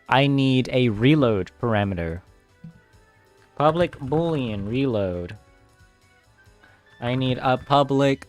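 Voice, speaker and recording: A man's voice: medium pitch, lively intonation, takes it slowly, pauses often, faint music behind. A young man live-streaming his game coding, chatting casually with viewers, easily distracted and laughing often.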